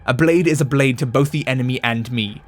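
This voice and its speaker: A man reading the lines of a stern older doctor from a game, in a measured, lecturing manner. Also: medium pitch, pitched below the performer's own voice, lightly acted. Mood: grave.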